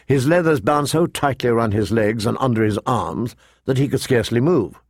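A man narrating a fantasy novel in a measured storytelling manner, voicing the characters. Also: medium pitch, no room sound, clean studio sound. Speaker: audiobook narrator. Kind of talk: scripted narration.

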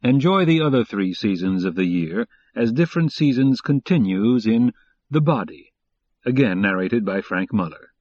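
A man reading the closing credits and a catalog promotion in an even, promotional manner. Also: on the low side, normal speed, no echo, dull audio. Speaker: announcer. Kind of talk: scripted announcement.

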